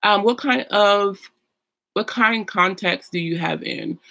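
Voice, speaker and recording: A woman's voice: mid-range voice, takes it slowly, bright, forceful tone. A young woman chatting casually while doing her makeup at home, gushing and full of fillers. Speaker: beauty vlogger. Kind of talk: casual get-ready-with-me chat.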